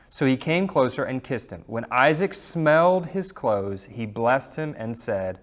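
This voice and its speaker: A man teaching a Sunday school class, reading scripture aloud and chatting in a relaxed way with fillers and asides. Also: medium pitch, measured pace, few pauses. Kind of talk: casual Bible lesson with reading aloud.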